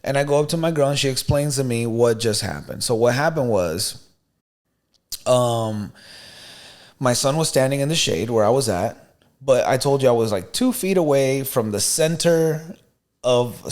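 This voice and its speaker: Slangy man telling a story. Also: medium pitch. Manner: animated, slangy, "you know what I mean", "bro". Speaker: podcast co-host. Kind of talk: casual storytelling chat.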